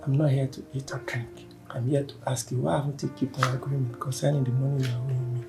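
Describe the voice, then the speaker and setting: An actor playing a stern middle-aged creditor who speaks curtly and coldly in a film drama. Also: male voice, mid-range voice, little pitch movement, quick pace, gravelly, music in the background, lightly acted. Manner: curt, cold. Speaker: moneylender.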